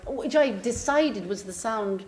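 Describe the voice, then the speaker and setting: A woman pianist telling an anecdote with lively, theatrical delivery and laughing asides. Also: fairly high pitch, a little slow. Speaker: pianist and storyteller. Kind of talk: anecdotal storytelling.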